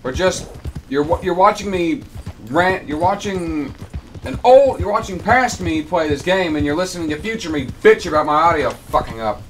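Recording commentary over his gameplay in a home room with an air conditioner running, a let's player with a fairly high, expressive voice gripes and rambles at normal speed, stammering as he goes.

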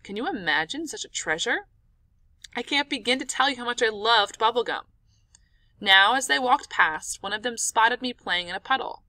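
A woman narrating an audiobook in an expressive, dramatic storytelling manner. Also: fairly high pitch, moderate pace, no room sound.

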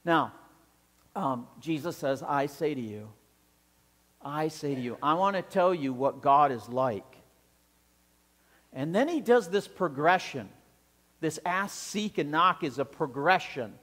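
A pastor with a fairly high-pitched voice preaches a sermon animatedly, acting out the scenes with different voices. Long church reverb surrounds his words.

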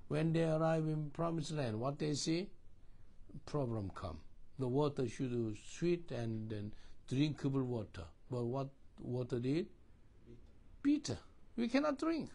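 Man, pastor, husky voice, lively rising and falling pitch, call-and-response sermon. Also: a little slow. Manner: animated, call-and-response preaching in non-native English.

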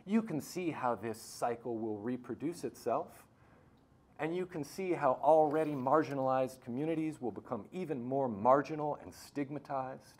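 A man's voice: mid-range voice, moderate pace, a little mellow. Passionate man arguing at a briefing. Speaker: researcher and writer. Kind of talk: briefing presentation.

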